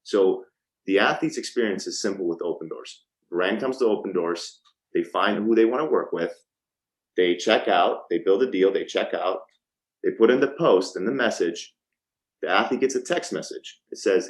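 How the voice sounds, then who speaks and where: Deep-voiced guy in his 30s on a podcast, chatty storyteller, acts out phone calls, lots of ums. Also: moderate pace, low-quality recording. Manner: frequent ums and restarts. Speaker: podcast guest, startup co-founder. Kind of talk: casual storytelling interview.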